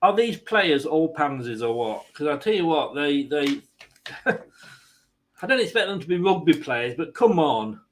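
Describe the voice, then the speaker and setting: A man's voice: fairly high pitch, very animated, a little slow. Joking man calling a match live. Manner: jokey, rambling, self-mocking banter. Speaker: host of a football watchalong stream. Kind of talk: live match commentary with casual chat.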